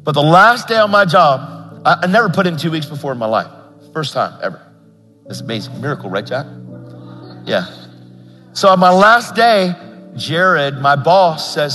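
Bright-voiced fervent male preacher. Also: on the high side, big pitch swings, normal speed, faint music behind. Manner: fervent, rising to impassioned appeals. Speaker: guest preacher. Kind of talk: storytelling sermon. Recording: long hall reverb.

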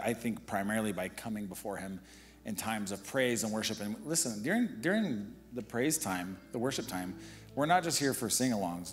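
A man preaching a sermon as pastor of a church, exhorting the congregation and building to emphatic passages. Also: fairly low pitch. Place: church sanctuary.

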